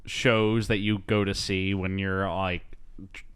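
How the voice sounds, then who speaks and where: A man's voice: deep voice, a little slow, smooth. A man co-hosting a podcast, recapping a movie in casual, jokey chat. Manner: animated, jokey, recaps plot with quoted voices. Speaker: podcast co-host.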